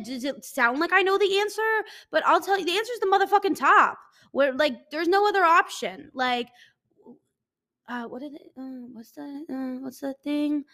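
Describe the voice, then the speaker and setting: A woman's voice: high voice, normal speed, bright, forceful tone. A young adult woman hosting a casual solo podcast, rambling and self-deprecating, swearing offhandedly as she chats. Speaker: podcast host. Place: living in a hot city.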